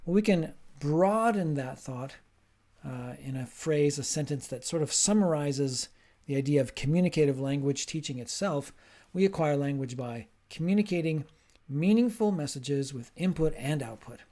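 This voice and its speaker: A man, a linguistics professor, giving a short talk on teaching in a clear, emphatic lecturing manner. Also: on the high side, expressive, moderate pace, dark tone.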